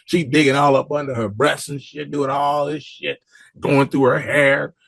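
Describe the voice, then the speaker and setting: A man with a gravelly, husky voice tells a story in a relaxed, casual way, leaning on loose street talk and cursing. His asides come back again and again as he talks. The sound is close and dry, with no room around it. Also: fairly high pitch, moderate pace, no room sound.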